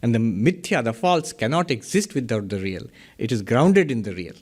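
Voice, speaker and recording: Teaching Vedanta in a lecture, this middle-aged man makes his points with questions and everyday examples, laughing softly at his own jokes. He has a medium-pitched, slightly mellow voice with a breathy edge, lively intonation, and a moderate pace.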